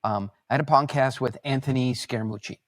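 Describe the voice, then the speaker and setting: Animated rambling man on a podcast. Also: mid-range voice, quick pace, no echo, studio quality. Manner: animated, rambling with restarts and quoted voices. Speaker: podcast guest. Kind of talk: casual conversational storytelling.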